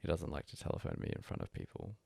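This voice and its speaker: A man reading a bedtime story aloud as a hushed, breathy first-person monologue. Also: rumbling low, wildly swooping pitch, fast talker, dry recording, clean studio sound. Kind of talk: soft-spoken story reading.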